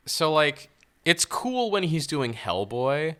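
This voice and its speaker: A man's voice: fairly high pitch, very animated, slow pace, a bit bright, clean tone. A man co-hosting a podcast, giving wry, opinionated takes on films in casual chat. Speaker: podcast co-host.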